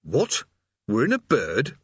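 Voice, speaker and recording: A man's voice: medium pitch, huge pitch swings, slow, husky, no echo, dull audio, full character voice. A man voicing a nervous, bewildered male wizard who keeps interrupting in alarm. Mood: baffled, anxious. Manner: anxious, interrupting, baffled.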